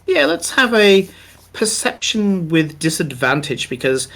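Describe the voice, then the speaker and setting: A man's voice: high-pitched, very animated, gravelly, crowd noise. A man narrating a tabletop game as game master, describing scenes at length with many ums and uhs. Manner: descriptive, unhurried, many fillers.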